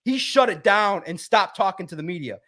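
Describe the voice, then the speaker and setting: A man with a high-pitched voice tells a story on a sports podcast in a casual, energetic way. He talks like he's hanging out with friends, lively and animated. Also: fairly quick. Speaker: podcast guest, sports publisher.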